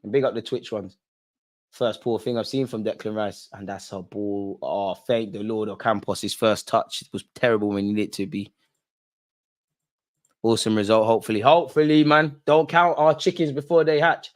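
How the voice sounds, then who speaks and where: A young man hosting a football watch-along, reacting live to the match in a slangy, excitable way and pleading with the players. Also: fairly low pitch, moderate pace. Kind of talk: live reactive commentary to viewers.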